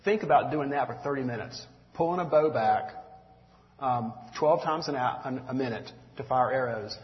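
A man's voice: mid-range voice, normal speed. Man preaching in a reverberant hall. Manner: conversational preaching with frequent ums and asides. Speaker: pastor. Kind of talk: sermon. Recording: dull sound with long hall reverb.

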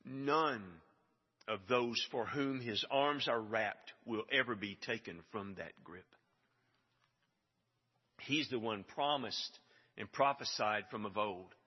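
A man's voice: on the low side, takes it slowly, husky. A man preaching a sermon, emphatic and building to stressed repeated phrases. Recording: dull sound with long hall reverb.

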